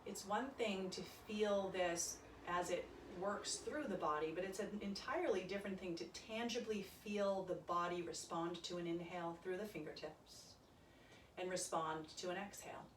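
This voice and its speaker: A woman leading a yoga class, giving calm, soft-spoken cues through breathing and stretches. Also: on the low side, normal speed, a little hiss or hum. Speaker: yoga instructor. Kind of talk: guided yoga class instruction. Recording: echoey room, voice from a distance.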